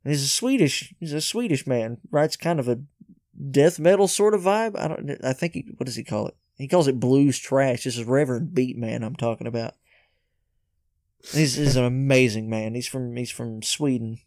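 A man guest on a podcast, easygoing and mid-pitched. He tells his stories slowly, pausing often on uhs. The sound is dry and close. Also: darkish tone, dry recording. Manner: laid-back, hesitant with many uhs. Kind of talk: casual storytelling.

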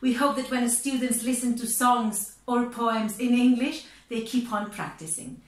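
Brief: female university lecturer, steady explanatory read, slightly high pitch. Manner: measured, explanatory. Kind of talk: scripted course presentation.

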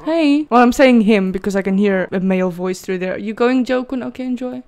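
A woman's voice: a little high, fairly quick, darkish tone, clean tone. A woman hosting a let's play, chatting casually and giggling as she comments on her game, often gasping and exclaiming at what she finds.

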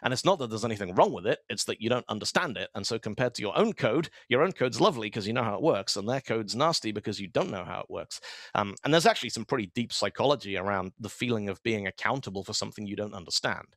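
A man's voice: on the low side, quick pace, dry recording, clean studio sound. A man giving an online tech talk in a conversational way, telling stories and acting out the dialogue in them. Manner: animated storyteller who acts out quoted dialogue; conversational, with frequent fillers and asides. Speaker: conference speaker.

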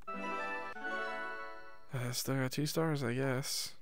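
Excitable swearing man narrating VR game. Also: on the high side, slow, pauses often, soft background music. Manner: swearing, pleading, frequent laughter, swings to panicked yelling. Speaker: gaming YouTuber. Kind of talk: VR gameplay commentary.

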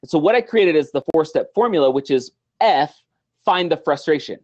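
A middle-aged man, a guest on an interview show, talking in an animated, motivational way and acting out little everyday scenes. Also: fairly high pitch, brisk, lo-fi sound.

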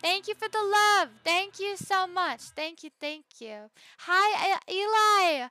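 A young woman streaming a game live, bubbly, greeting viewers by name and swinging between excited squeals and quiet murmurs. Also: very high-pitched, unhurried. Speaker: livestreamer. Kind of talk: live-stream gaming chat.

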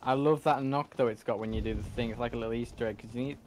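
A man's voice: medium pitch, steady tone, very fast, slight background noise. Rambling, foul-mouthed gamer guy. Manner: rambling, swears freely, thinks aloud. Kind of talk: casual gameplay commentary.

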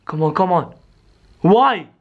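A very high-pitched male YouTuber speaks slowly as he narrates a scripted scary skit, yet addresses viewers in an excitable rush full of "yo" and "guys." He keeps his camera audience close the whole time, and the audio sounds dull.

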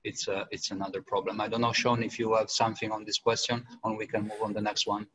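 A man's voice: on the low side, flat delivery, fast talker, noisy background. A man with an Italian accent moderating a webinar panel over a video call, reading out audience questions with some hesitation. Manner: hesitant, repeats words while reading questions.

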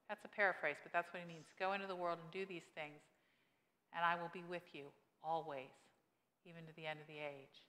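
A woman pastor giving a lively sermon, teasing her congregation with questions and urging them on. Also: on the low side, fairly quick. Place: church sanctuary. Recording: long church-hall reverb.

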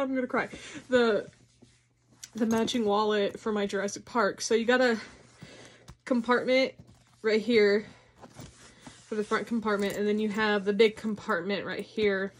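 Woman doing an unboxing vlog, gets super excited, swears a bit, fairly high voice. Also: normal speed, slight background noise. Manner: gushing and excitable, swears casually. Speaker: unboxing vlogger. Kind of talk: casual unboxing chat.

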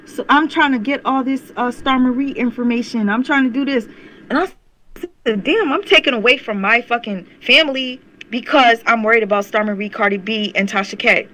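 A woman's voice: on the high side, fairly quick, pushed and bright, a little hiss or hum, poor audio. A young woman ranting on her vlog channel, heated, confrontational and swearing often. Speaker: YouTube commentator. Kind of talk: angry rant to camera.

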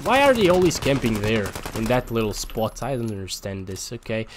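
A man giving live gameplay commentary as host of a gaming channel, excitable and swinging between muttering and frustrated shouts. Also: mid-range voice, a little fast, background noise.

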